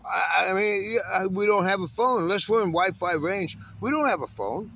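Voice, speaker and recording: A man's voice: sits high, expressive, moderate pace, creaky, pushed and bright, slight background noise. A homeless man in his sixties from Southern California, ranting angrily in a profane, bitter monologue. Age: 60s. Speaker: homeless panhandler.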